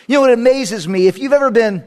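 Guy with a really high voice preaching, punchy and repeats lines over and over. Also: fast talker. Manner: emphatic, repeats phrases for effect. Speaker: pastor. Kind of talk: sermon.

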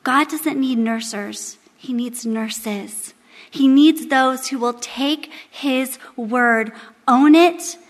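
A woman in her thirties giving a candid, humorous, animated devotional sermon to a women's Bible study. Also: sits high, big-room sound. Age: 30s.

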